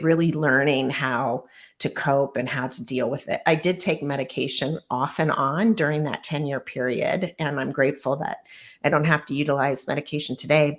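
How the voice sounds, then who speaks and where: A middle-aged woman with a low voice tells her own story as an interview guest. She speaks in an earnest, measured way, pausing to recall painful memories. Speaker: guest author.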